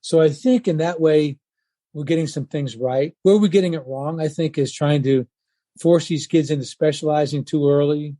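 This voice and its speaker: A man's voice: on the high side, moderate pace, dry recording. An older man, a retired baseball coach, telling stories in an interview and acting out the people he quotes. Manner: animated storyteller who acts out quoted voices. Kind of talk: storytelling interview talk.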